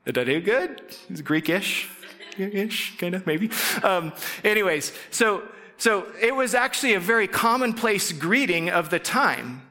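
Middle-aged male pastor with a fairly high, bright voice, preaching in a chatty style and acting out short quoted lines. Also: expressive. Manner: conversational, acts out quick quoted voices, drops to soft intense tones. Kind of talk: casual sermon.

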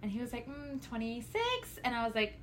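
A woman in her twenties, casually chatting as a podcast co-host, acting out dialogue in a lively storytelling manner. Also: a little high, fairly quick, slight background noise. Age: 20s. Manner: animated storyteller, acts out dialogue, bursts into loud laughs. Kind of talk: casual chat.

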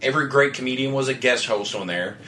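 A man chatting on a podcast with a bright, forceful voice and a blunt, swearing manner. He laughs often, with a faint hum of noise in the background. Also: medium pitch, fast talker. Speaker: podcast co-host. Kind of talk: casual podcast chat.

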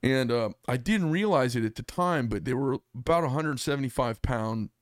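Male podcast host from Arizona, mid-pitched, rambling storyteller, dry close mic. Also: lively intonation, normal speed, no echo. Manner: rambling, filler-heavy storyteller. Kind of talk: casual storytelling chat. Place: studio.

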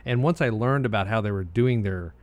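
Brief: easygoing American man, lowish voice, loose chatty co-host. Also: brisk, muffled recording. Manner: relaxed, meandering, many restarts and filler asides. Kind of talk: casual chat.

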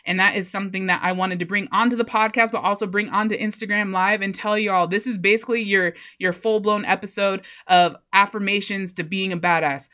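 A young woman hosts her podcast in an energetic, profane monologue. Her voice is bright and forceful, pushing hard as she hypes up the listener. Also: mid-range voice, fairly quick. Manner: blunt, profane and fired up. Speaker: podcast host.

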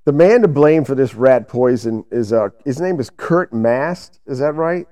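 A man's voice: mid-range voice, lively intonation, a little slow, dark tone, no room sound. A man co-hosting a casual podcast, telling loose, rambling stories with some swearing. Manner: loose, laid-back storytelling with profanity. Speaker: podcast co-host. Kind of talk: casual banter.

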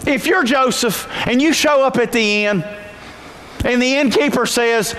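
A pastor preaching a sermon in church, telling the story with energy and moving from quiet asides to shouted peaks. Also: male voice, very high voice, moderate pace, slight background noise.

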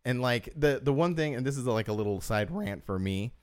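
A man's voice: medium pitch, animated, fairly quick. A man co-hosting a podcast, chatting casually and telling long stories full of fillers. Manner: rambling storyteller, heavy use of "like". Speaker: podcast co-host. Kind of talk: casual chat.

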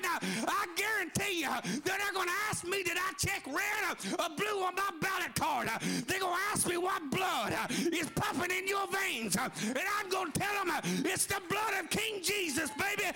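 A male pastor preaching a sermon, telling a story and shouting with many "uh" fillers. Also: extremely high pitch, measured pace, hardly any pauses, over music.

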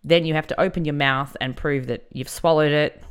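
This podcast host is a woman whose low-pitched, clean-toned voice moves fairly quickly with a steady tone. She relays a story from her own life frankly and casually, using lots of filler words.

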